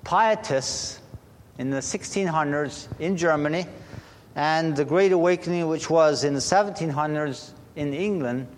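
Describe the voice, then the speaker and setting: Man, preacher, sermon, slow deliberate talk, slightly high voice, long hall echo. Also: a little hiss or hum. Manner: slow, deliberate delivery with halting restarts.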